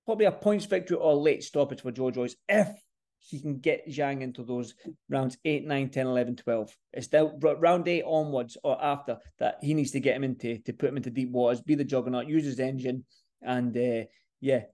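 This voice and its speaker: Man, boxing vlogger, casual talk to camera, chatty, repeats himself for emphasis, mid-pitched voice. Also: brisk, a little mellow.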